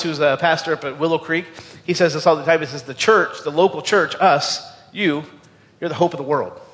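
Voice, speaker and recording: A man preaching a sermon in a fairly high voice, earnest and conversational. He restarts and repeats words as he presses the congregation with questions. His voice rings with the long reverb of a large church hall. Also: fairly bright tone. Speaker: pastor. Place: church sanctuary.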